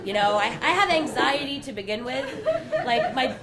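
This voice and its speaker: A woman's voice: on the high side, normal speed, heavy background noise. Chatty young woman telling a story. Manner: conversational, self-mocking, full of "you know" and "like". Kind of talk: live personal storytelling. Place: small bar venue with live audience.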